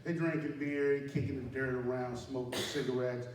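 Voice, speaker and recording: A man's voice: mid-range voice, fairly even intonation, moderate pace. Man telling a story in an echoey room. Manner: conversational, self-deprecating, acts out panicked dialogue with sharp rises. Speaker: storyteller, former army sergeant. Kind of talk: live personal storytelling. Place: indoor room at a community center. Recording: very echoey room, mic far off, faint noise.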